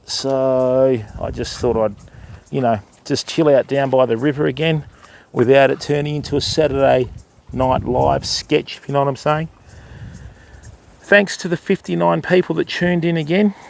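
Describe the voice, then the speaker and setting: A man's voice: mid-range voice, fairly even intonation, normal speed, gravelly, darkish tone. An older Australian man chatting casually on a riverside fishing livestream, answering viewers and calling them mate and bud. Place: outdoors by a river.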